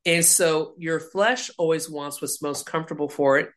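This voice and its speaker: A woman's voice: deep voice, normal speed. An ordained woman minister, a guest in a faith interview, telling stories and acting out the voices she quotes. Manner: animated, acts out quoted voices.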